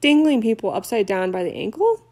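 Woman reading a stern disapproving teen witch, audiobook, gravelly. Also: a little high, expressive, brisk, mellow. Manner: stern, reproachful. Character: bossy disapproving teenage schoolgirl witch.

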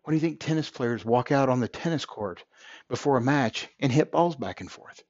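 A man's voice: medium pitch, lively intonation, brisk, a little mellow, dry recording. Man, podcast host, earnest motivational talk, dry close sound, slightly dull audio. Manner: earnest, repeats phrases for emphasis. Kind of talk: motivational monologue.

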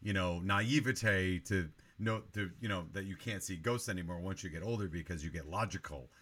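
A man's voice: low-pitched, moderate pace, a bit bright. A man hosting a movie review podcast, critiquing a film in long, analytical, run-on remarks in casual chat.

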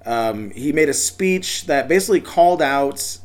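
A man's voice: medium pitch, lively intonation, normal speed. A man co-hosting a casual podcast, rambling and laughing often in tipsy banter. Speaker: podcast co-host. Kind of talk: casual chat.

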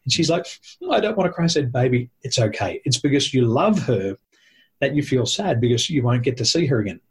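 A man's voice: mid-range voice, lively intonation, fairly quick, breathy edge. A man talking with a host, explaining points in a teacherly, emphatic way and listing them one by one. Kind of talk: conversational explaining.

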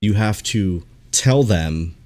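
A man hosting a podcast, telling a profane, animated story in casual chat and acting out the people in it. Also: on the low side, slow. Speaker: podcast host.

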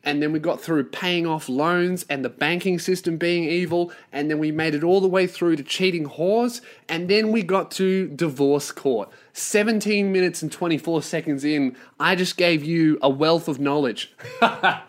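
Profane ranting man, slightly high. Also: normal speed. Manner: profane, ranting, acts out mocking quoted voices. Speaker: podcast host. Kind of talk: solo ranting podcast.

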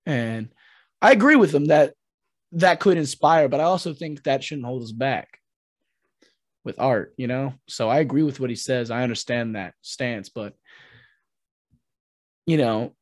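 A man co-hosting a podcast in casual chat, excitable and swearing often, acting out quotes in big voices. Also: mid-range voice, a little slow, long pauses, dry recording. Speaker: podcast co-host.

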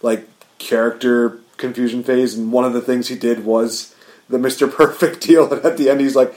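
Man, middle-pitched voice, chatty podcast co-host. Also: steady tone, moderate pace. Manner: chatty, gives shout-outs, laughs at the jokes. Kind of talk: casual wrestling podcast chat.

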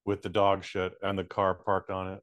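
Man, podcast co-host, very deep voice, dry studio sound, deadpan humor. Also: normal speed, no echo. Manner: wry, deadpan quips. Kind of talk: casual comedic chat.

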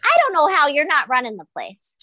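A woman's voice: high voice, wildly swooping pitch, fairly quick, pushed and bright, dry recording, full character voice. A woman playing an eager, gushing store clerk. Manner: gushing, hesitant, fumbling for words. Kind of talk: improv comedy scene.

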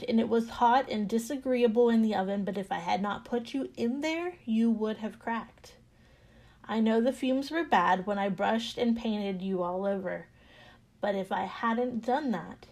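Woman playing a gentle patient master potter. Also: medium pitch. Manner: quiet and gentle. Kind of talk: told storybook parable.

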